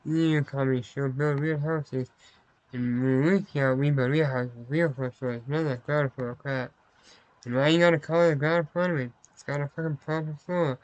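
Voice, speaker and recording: A boastful American patriot preaches about freedom in an over-the-top drawl, as a man puts him on. The voice is pushed a little higher than normal and stays close and dry. It is a comedic game character. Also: steady tone, normal speed, dry recording, natural voice, poor audio.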